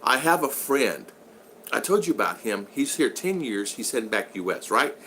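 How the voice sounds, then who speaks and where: An older American man, a vlogger, rambles through anecdotes while reading and answering his live chat in a casual livestream, restarting often and leaning on fillers. His voice sits at medium pitch with big swings, moving at a moderate pace, bright and forceful. There's a little hiss or hum in the audio.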